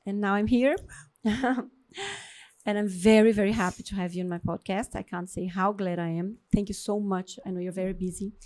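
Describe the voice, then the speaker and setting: An effusive woman with a Brazilian Portuguese accent hosts a casual podcast interview. She gushes over her guest with warm enthusiasm and speaks in a mid-range voice, sliding between English and Portuguese. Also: medium pitch, steady tone, brisk. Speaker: podcast host, endocrinologist.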